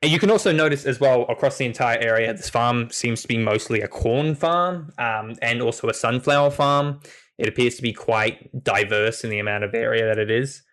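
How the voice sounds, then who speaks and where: Man game master, tabletop narration, rambling, fillers, medium pitch. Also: brisk, fairly bright tone. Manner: rambling, many fillers and restarts.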